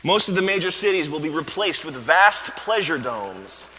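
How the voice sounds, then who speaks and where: A man giving a parody motivational talk to a university audience, bombastic and erratic, with sudden shouts. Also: on the high side, sing-song, normal speed, a little hiss or hum. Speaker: comedic stage speaker. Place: university auditorium. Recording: echoey hall with faint ambience.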